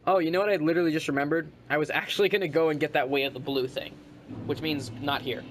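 Sarcastic gamer guy, slightly high voice. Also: steady tone, fast. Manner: grumbling, sarcastic trash talk at enemies. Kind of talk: casual gameplay commentary.

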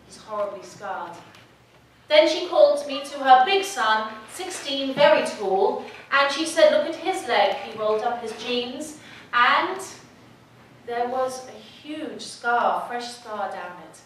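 Woman telling a heartfelt story, kinda high voice, big echoey room, mic far off. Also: lively intonation, takes it slowly. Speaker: guest speaker. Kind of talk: emotional personal story talk. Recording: echoey hall, distant mic, faint noise.

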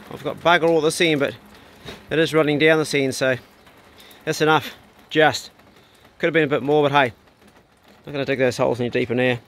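A middle-aged man with a New Zealand accent spins silly yarns between outdoor jobs, his voice sitting a little high. He talks in a relaxed, folksy way and slips into playful voices for the people in his jokes. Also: slight background noise. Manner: folksy storyteller, drops into put-on voices for joke characters. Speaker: vlogger. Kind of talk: casual joke-telling vlog. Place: outdoors at a house truck.

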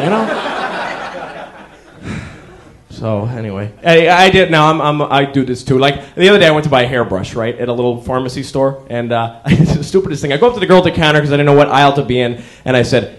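A young man performing a stand-up comedy set, telling wry stories with sudden yells. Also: mid-range voice, animated, fast. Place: comedy club stage before a live audience. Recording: crowd laughter behind. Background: audience laughter.

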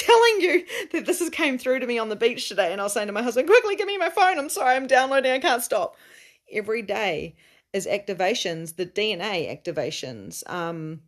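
A middle-aged woman with a somewhat low voice speaks casually to her viewers in a live stream. She talks earnestly and swears offhandedly. She laughs often and moves from slow, weighty statements to excited bursts. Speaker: spiritual coach.

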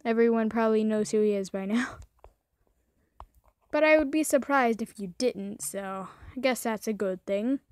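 A woman's voice: on the high side, normal speed, darkish tone, no room sound. A young woman commenting on a game she is playing, cursing a lot and breaking into shrieking outbursts. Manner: profane, raging outbursts and shrieks. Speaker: gaming YouTuber. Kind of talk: gameplay commentary.

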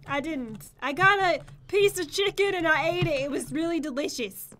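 A woman co-hosting a video game session, chatting playfully, squealing and laughing when excited. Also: high voice, moderate pace. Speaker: co-host playing a video game. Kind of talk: casual gaming commentary.

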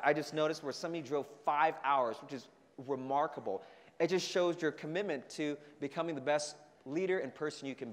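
Guy giving a pumped-up talk to high school leaders, acts out little scenes, big echoey hall. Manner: energetic storytelling with acted-out voices. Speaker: keynote speaker. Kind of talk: motivational talk to students. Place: large conference hall. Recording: long hall reverb.

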